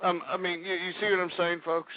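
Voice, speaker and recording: A man hosting a talk radio show, ranting, sighing and shouting at his listeners while out of breath. Dry, dull lo-fi radio recording. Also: sits high, level tone, fast talker. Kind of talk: emotional talk radio monologue.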